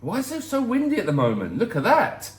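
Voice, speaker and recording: A man's voice: high voice, huge pitch swings, a little fast. A middle-aged man hosting a casual weather vlog, talking in a jokey, rambling way. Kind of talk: casual chatty weather update.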